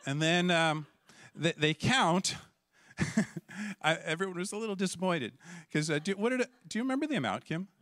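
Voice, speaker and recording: A middle-aged man from Canada, a pastor telling a lively story in a sermon and acting out the voices in it. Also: sits high, moderate pace, long pauses, no room sound. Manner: animated, acts out voices and shouts in the story.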